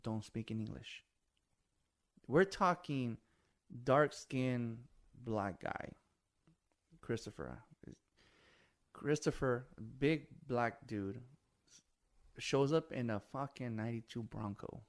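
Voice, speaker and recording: A man's voice: mid-range voice, animated, slow pace, long pauses. A man in his forties hosting a casual chat, telling stories animatedly and swearing freely, with bits of Spanish. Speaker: podcast host.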